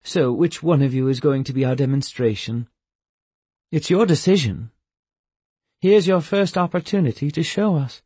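A man playing a calm, menacing villain. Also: fairly high pitch, normal speed, husky, no echo, voice pushed up. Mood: taunting. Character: cold, amused male villain seizing command.

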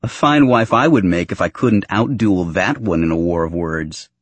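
A wry young woman, read by a male narrator with a dry, playful delivery. The voice is slightly low and husky, recorded close and dry. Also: normal speed, no echo.

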